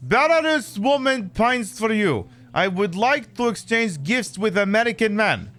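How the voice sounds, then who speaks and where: A man voicing a dreamy young woman seeking an American man, slow and languid. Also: high voice, animated, fairly bright tone, soft background music, voice pushed up.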